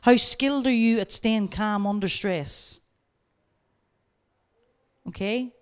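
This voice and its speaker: A woman speaking at a workshop, telling lively stories and coaching her audience directly. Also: medium pitch, takes it slowly, clean tone. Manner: lively anecdotes, acting out both sides of the dialogue. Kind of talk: storytelling lecture.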